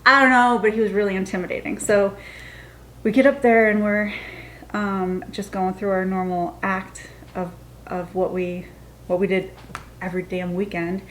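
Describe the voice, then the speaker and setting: A storytime vlogger, an American woman in her thirties, tells a story in a casual, chatty, animated way and acts out the quotes. Her voice is medium-pitched at a moderate pace, with a little hiss or hum.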